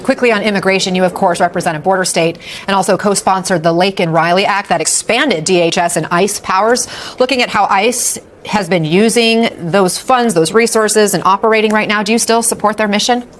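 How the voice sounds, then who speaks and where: A woman news interviewer asking pointed, measured questions. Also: mid-range voice, fairly even intonation, slight background noise.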